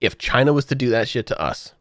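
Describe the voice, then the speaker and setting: A man's voice: medium pitch, animated, fast talker, dry recording, studio quality. A man co-hosting a podcast, arguing politics emphatically with profanity and step-by-step analogies. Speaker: podcast co-host. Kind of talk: heated political debate.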